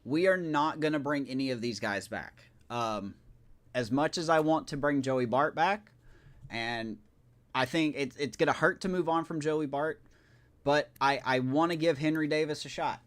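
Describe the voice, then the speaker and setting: A man's voice: fairly high pitch, normal speed, a bit bright. Man, live-stream gamer, casual commentary, rambling, self-correcting, chatty with viewers.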